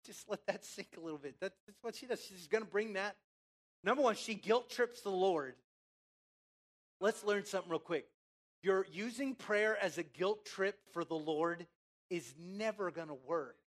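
A preacher addresses a congregation with emphatic, drawn-out phrasing that swings between loud calls and hushed lines. They pose questions to the listeners and have them repeat key words. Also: mid-range voice. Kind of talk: sermon.

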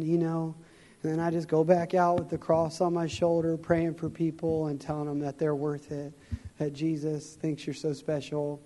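A man's voice: fairly high pitch, flat delivery, brisk, warm tone, big-room sound. A man giving a conversational sermon as a guest speaker in a church, telling stories earnestly.

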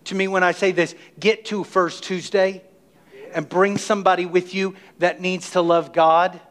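A middle-aged man preaching a sermon as pastor of his church, emphatic and energetic, calling on the congregation to respond. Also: high voice, moderate pace. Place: church sanctuary.

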